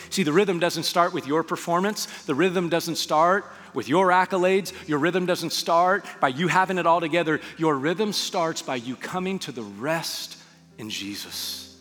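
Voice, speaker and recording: A male pastor delivers a sermon in a slightly high voice, acting out quotes and then easing into soft, hushed phrases. His voice rings through a reverberant hall while faint music plays underneath. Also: moderate pace. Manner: preaching with dramatic quoted asides, dropping to soft hushed tones.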